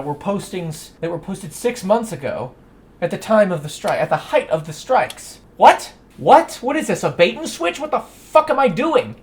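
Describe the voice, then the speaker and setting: A man's voice: a little high, a little hiss or hum. Young male vlogger, rambling and self-mocking, with a slightly raised voice. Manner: rambling, self-deprecating, swears casually. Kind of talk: casual vlog monologue. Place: at home, doing laundry and in his bedroom.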